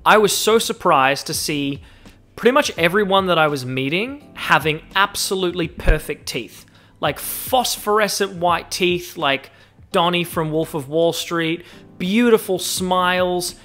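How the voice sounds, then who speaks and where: On his solo podcast, a young Australian man talks in a casual monologue, his voice sitting higher than usual for a man. He's animated and jokey, drawing out his stresses as he runs through lists, with soft music playing quietly underneath.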